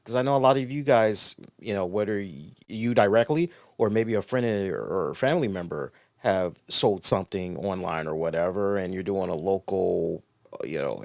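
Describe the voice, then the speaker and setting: A man's voice: on the low side, expressive, moderate pace, gravelly, no echo, clean studio sound. An American man co-hosting a podcast, chiming in and venting to listeners. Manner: interjecting, then ranting in exasperation at the audience. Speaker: podcast co-host. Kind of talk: casual chat.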